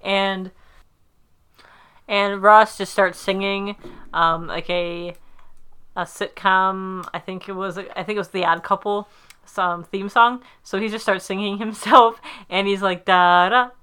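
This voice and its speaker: A woman's voice: mid-range voice, fairly even intonation, takes it slowly, bright, forceful tone, clean tone. A woman recapping a sitcom episode in casual chat, rambling with fillers and acting out the characters' lines. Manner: chatty, rambling with many fillers, acts out quotes.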